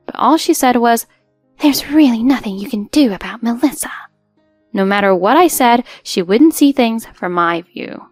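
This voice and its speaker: A woman's voice: medium pitch, no room sound, clean studio sound. A woman in her twenties narrating a scripted first-person story in an earnest, hurt way. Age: 20s.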